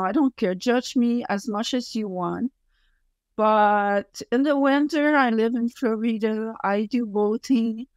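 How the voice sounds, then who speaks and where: A French Canadian woman in her fifties speaks English at an unhurried, deliberate pace, her first language being French. She is blunt and emphatic as an interview guest. Her voice sits at a middle pitch and sounds dry and close. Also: darkish tone, dry recording. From Quebec City, Canada. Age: 50s. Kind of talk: casual interview chat.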